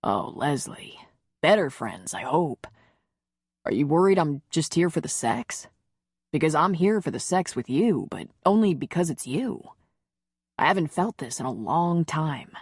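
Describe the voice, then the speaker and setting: A woman reading the part of a gentle, confident man in an audiobook romance, speaking in a low, reassuring murmur. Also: big pitch swings, measured pace, slightly rough, no echo, studio quality, heavily acted. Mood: tender. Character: tender confident adult man, a lover.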